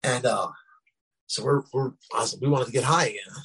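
Middle aged guy, kinda husky voice, rambles a lot with you know what i mean. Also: mid-range voice, brisk, fairly bright tone, low-quality recording. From New Jersey, US. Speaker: guest. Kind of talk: casual storytelling.

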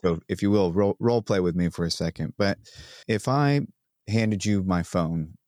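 A man's voice: low voice, darkish tone, no echo, clean studio sound. A man hosting a podcast, asking questions politely and thoughtfully, with small restarts. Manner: polite, thoughtful, a little halting. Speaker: podcast host. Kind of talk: interview questions.

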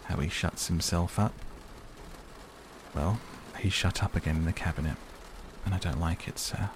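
A man's voice: deep voice, normal speed, background noise. A man voicing a frightened older male servant, anxious and deferential. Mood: afraid. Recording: steady rain sounds behind.

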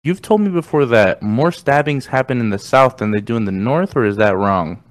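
A man's voice: mid-range voice, lively intonation, moderate pace, no room sound. A young man from Mexico hosting a podcast, talking loosely with slang, jokes and swearing. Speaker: podcast host. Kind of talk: casual chat.

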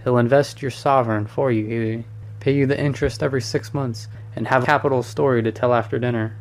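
A breezy, teasing male painter in a storybook, worldly and amused, as a male reader puts him on. His voice stays level and even, in an easy middle register. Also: mid-range voice, quick pace, lightly acted.

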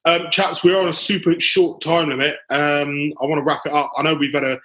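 A man's voice: on the high side, steady tone, a little fast, fairly bright tone. A man hosting a casual football podcast over a call, jokey and full of banter and fillers. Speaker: podcast host. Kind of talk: casual chat. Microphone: call recording.

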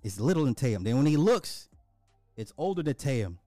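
A man giving an animated, emphatic casual recap of a movie, repeating himself for effect. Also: medium pitch, moderate pace, no echo, faint music behind. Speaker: movie reviewer.

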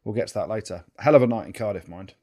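English bloke rattling off stories on a rugby pod, swears a lot. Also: male voice, lowish voice, very fast, warm tone. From England. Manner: chatty storyteller, swears freely. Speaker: co-host, former rugby player. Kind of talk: casual podcast chat.

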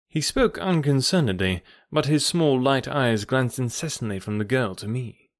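A man narrating a classic novel as an audiobook, with measured, descriptive storytelling. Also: mid-range voice, animated, no echo, clean studio sound.

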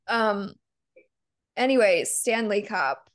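A woman's voice: medium pitch, expressive, slow pace. A young woman co-hosting a podcast in casual chat, blunt and sarcastic, swearing freely as she rants. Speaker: podcast co-host.

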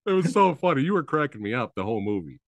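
A man's voice: medium pitch, sing-song, quick pace, dry recording, dull audio. A man hosting an interview podcast, talking with hyped, enthusiastic fan energy. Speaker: podcast host. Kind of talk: casual interview chat.

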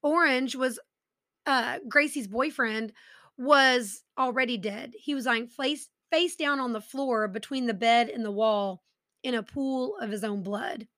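A woman hosts a true-crime podcast, telling the story casually. She drops in personal asides. Her voice is bright and crisp. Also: on the high side, measured pace, dry recording, studio quality. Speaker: podcast host.

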